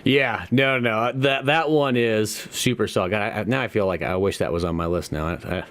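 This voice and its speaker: A man co-hosting a podcast in casual chat, rambling and swearing, with loud animated retellings. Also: lowish voice, normal speed. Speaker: podcast co-host.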